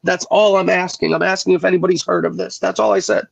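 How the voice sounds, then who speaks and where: A man's voice: high voice, steady tone, fast talker, creaky, husky, no room sound. A man talking casually on an online radio panel, rambling with lots of fillers and restarts. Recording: dull lo-fi sound.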